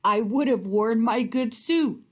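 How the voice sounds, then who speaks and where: A woman's voice: fairly high pitch, unhurried, muffled recording, voice pushed up. A woman doing an emotional, moody moose. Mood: sobbing. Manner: emotional, wailing and sobbing. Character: moody male moose, swinging from laughter to tears. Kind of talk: storybook read-aloud.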